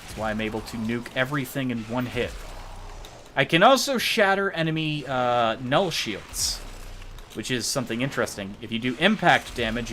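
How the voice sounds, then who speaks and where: A chatty male game streamer gives casual live-stream commentary, explaining his build to viewers as he plays. His mid-range voice is fairly bright, with a little hiss or hum in the background.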